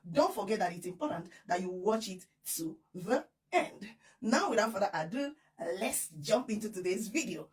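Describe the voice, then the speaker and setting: A woman with a Nigerian accent hosting an excited news vlog, effusive and giggly, repeating her appeals to viewers. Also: mid-range voice, moderate pace, recorded from a distance. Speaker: vlogger.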